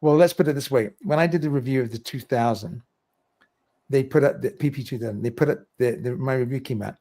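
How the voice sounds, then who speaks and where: A man's voice: mid-range voice, fairly quick, dark tone. A man hosting a casual livestream, reading viewer comments aloud and laughing often. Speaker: livestream host.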